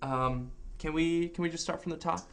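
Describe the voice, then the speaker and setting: A man's voice: a little high, fairly even intonation, fast, close to an everyday voice. A man playing a hesitant commercial director who nervously asks his star to redo the take. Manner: hesitant, apologetic, stammering.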